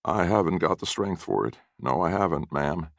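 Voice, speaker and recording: A deep-voiced man putting on a nasty, stingy old grandfather from a read-aloud story. He whines and wheedles, pleading weakness while plotting to get out of work. The read is dry and close-miked. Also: animated, moderate pace, gravelly, no room sound. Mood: whining. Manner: whining, self-pitying. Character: whining stingy old grandfather, lazy and sly.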